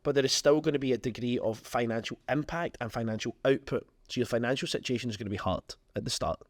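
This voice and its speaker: A man's voice: mid-range voice, quick pace, dry recording. This is a man hosting a business podcast, speaking in a mid-range voice. He talks in a frank, conversational way and leans hard on his key points. The recording is dry and close. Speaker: podcast host. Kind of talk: motivational business talk.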